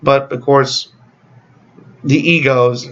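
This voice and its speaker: A man hosts his own YouTube channel in a casual, rambling opinion vlog, blunt and profane with sarcastic asides. His mid-range voice is fairly bright, with fairly even intonation and a slow pace, though the audio is dull.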